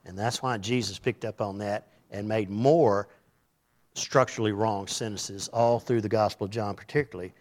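This pastor's sermon is conversational; he reads scripture aloud and acts out the voices within it. He has a fairly low, slightly mellow voice with fairly even intonation, delivered at a normal speed.

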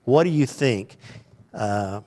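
A man's voice: medium pitch, animated, slow, darkish tone. A middle-aged man preaching a conversational sermon in a folksy, rambling way, often putting questions to his listeners.

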